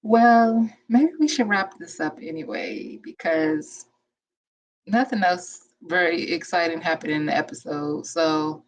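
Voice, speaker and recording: A woman co-hosting a casual review chat over a video call, relaxed and direct as she wraps up the show. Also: on the low side, unhurried, low-quality recording. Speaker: co-host of a reality show review.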